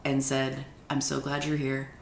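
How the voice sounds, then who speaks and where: Her pitch is extremely low, with vocal fry and a measured pace, as she chats casually as a podcast guest. Animatedly recounting a personal story, she performs the quoted lines of its characters, in a room with echo and faint background noise.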